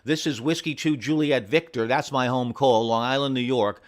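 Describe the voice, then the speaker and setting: A man running an amateur radio station from home, friendly and repeating call signs slowly and carefully. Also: mid-range voice. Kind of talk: on-air radio contacts, reading call signs.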